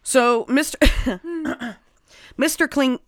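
A woman's voice: high-pitched, drawn-out words. A woman co-hosting a casual chat, swearing freely and fighting off laughing fits while trying to get back on track. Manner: giggly, swears freely, keeps trying to refocus. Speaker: podcast co-host.

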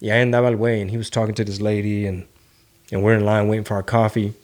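Male podcast co-host: loose, profane, animated storyteller, sprinkles in Spanish. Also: fairly low pitch, quick pace. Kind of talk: casual podcast chat.

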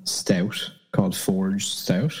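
A man's voice: sits low, level tone, very slow, darkish tone, breathy edge, in a whisper, low-quality recording. A man with an Irish accent chatting casually on a podcast in his plain everyday way. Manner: unpolished, everyday speech, no toning down. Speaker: podcast co-host. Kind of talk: casual chat.

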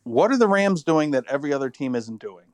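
A man's voice: on the high side, big pitch swings, quick pace, a little mellow, no echo. A man co-hosting a casual football podcast, rambling and thinking aloud, tired after an illness. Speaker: podcast co-host. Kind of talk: casual sports chat.

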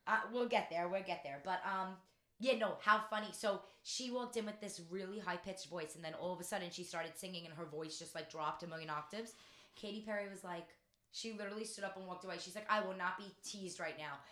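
A woman's voice: on the low side, fairly quick, fairly bright tone, echoey room. Bubbly, rambling woman co-host. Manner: bubbly, rambling, apologetic, laughs often. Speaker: podcast co-host. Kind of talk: casual chat.

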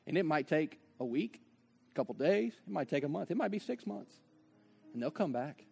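A man's voice: fairly high pitch, lively intonation, normal speed, creaky, long pauses, dark tone, breathy edge, soft background music. A man preaching a sermon as pastor, conversational, with joking asides and acted-out dialogue.

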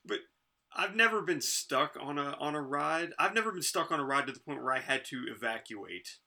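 A man's voice: on the high side, animated, normal speed, sharp tone. A man co-hosting a podcast in casual chat, telling rambling stories and laughing often. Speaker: podcast co-host.

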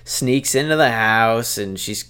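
A man's voice: medium pitch, unhurried, pushed and bright, clean tone. A man co-hosting a horror podcast in casual chat, filling in details of a movie recap in a laid-back way. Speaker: podcast co-host.

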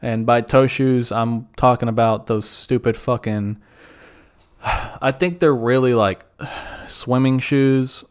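A man's voice: medium pitch, steady tone, takes it slowly, clear, resonant tone. A young man hosting a podcast, telling a rambling, profane, self-deprecating story in a casual monologue. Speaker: podcast host.

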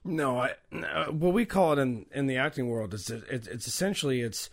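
A male actor appearing as a podcast guest, speaking earnestly and thoughtfully. His voice has an ordinary middle pitch. The recording is dry and close. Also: brisk, vocal fry, no echo. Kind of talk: casual chat.

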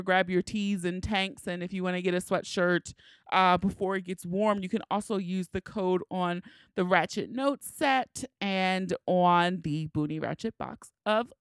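A woman's voice: mid-range voice, a bit bright, clear, resonant tone, dry recording, studio quality. A woman with a Baltimore accent hosting her podcast, chatty and frank, laughing often. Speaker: podcast host. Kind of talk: casual podcast chat.

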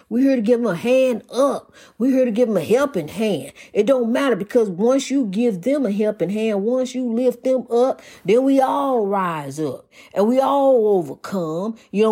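A woman's voice: on the high side, warm tone, breathy edge. A woman preaching an informal sermon in rhythmic, repeated refrains, folksy and calling her listeners honey.

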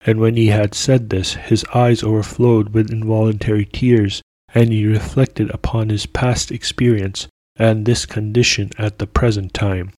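A man narrating a classic tale aloud in a steady, measured storytelling manner. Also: on the low side, no room sound. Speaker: podcast narrator.

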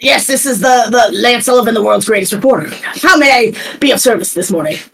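A woman's voice: a little high, brisk, gravelly, a bit bright, slight background noise, low-quality recording. A woman playing a pompous, boastful male investigative reporter in a tabletop game, with a grandiose, theatrical delivery. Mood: excited. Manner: grandiose, theatrical, self-important. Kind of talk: tabletop role-play.

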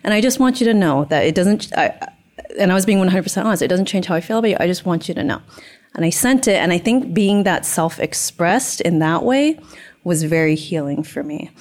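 A woman's voice: lowish voice, expressive, fairly quick, darkish tone. A young woman telling a personal story candidly in a casual podcast chat, acting out quoted dialogue.

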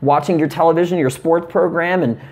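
A man giving comic relationship advice in a sarcastic, deadpan way, with casual profanity. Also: on the high side, fairly quick. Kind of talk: comedic advice monologue.

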